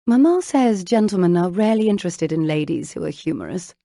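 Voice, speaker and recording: A woman narrator voicing an eager, candid young bookish woman, lifting her voice for the heroine's breathy questions. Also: lowish voice, animated, brisk, warm tone, no echo, clean studio sound. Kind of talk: audiobook character voicing.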